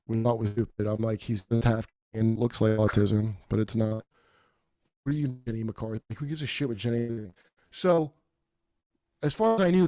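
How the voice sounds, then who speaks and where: Male podcast host, mid-pitched, rambling and profane, dry close mic. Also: mellow, no echo. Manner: profane, rambling, mocking quoted voices. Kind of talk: casual comedic chat.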